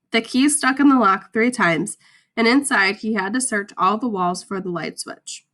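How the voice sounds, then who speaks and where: Bright-voiced woman reading a story. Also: mid-range voice. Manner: clear, expressive storytelling. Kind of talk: storybook read-aloud.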